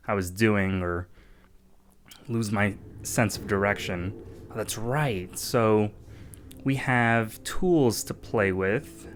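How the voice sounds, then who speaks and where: A man's voice: fairly low pitch, fairly bright tone, slight background noise. A man giving casual gameplay commentary, thinking aloud with lots of fillers. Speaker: let's-play gamer.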